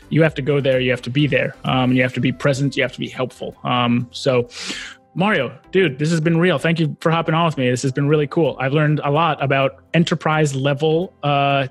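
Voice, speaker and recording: A man hosting a podcast, talking in an enthusiastic, laid-back way and calling his guest "man" and "dude". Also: on the high side. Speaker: podcast host. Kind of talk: casual interview chat.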